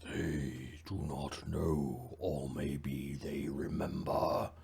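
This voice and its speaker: A man voicing an ancient, slow-witted albino troll, speaking in a slow, halting, gravelly half-whisper. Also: extremely low pitch, fairly even intonation, darkish tone, heavily acted. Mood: cryptic.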